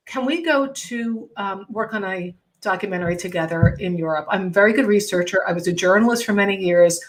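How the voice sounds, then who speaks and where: A middle-aged woman comedian hosting a casual chat show, talking in a chatty, animated, self-mocking way. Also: mid-range voice, a little fast, few pauses. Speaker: podcast host and comedian.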